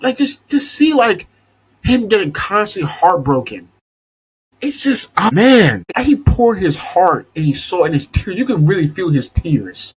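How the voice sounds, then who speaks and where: Husky, animated young male podcaster. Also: high-pitched, low-quality recording. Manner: animated, exasperated, swears freely. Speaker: podcast host. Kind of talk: casual rant about a TV show.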